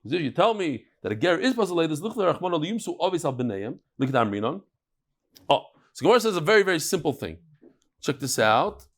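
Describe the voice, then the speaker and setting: A middle-aged man leads a daily Talmud class in front of a live room of students. His voice sits fairly high, and he talks in an animated way, firing off questions and answering them himself. He breaks off now and then to banter with people in the room. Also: quick pace. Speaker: Talmud teacher.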